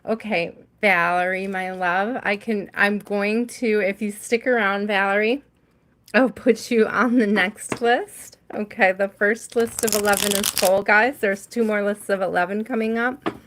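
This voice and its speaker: A woman's voice: mid-range voice, fairly even intonation, measured pace, fairly bright tone, a little hiss or hum. A woman hosting a live tarot stream, reading cards for viewers by name in a chatty way and laughing often.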